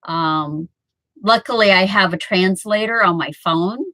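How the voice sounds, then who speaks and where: Streaming from home on a webcam, a woman in her early fifties rambles casually with her viewers and laughs frequently. She speaks unhurriedly in a fairly low, sharp-toned voice, and the audio is poor.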